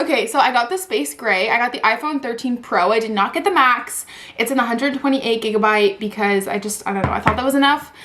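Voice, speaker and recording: A woman in her twenties unboxing a new phone in a vlog, gushing and squealing with excitement, saying "like" and "oh my god" constantly. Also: fairly high pitch, a little fast, slight background noise. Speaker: vlogger.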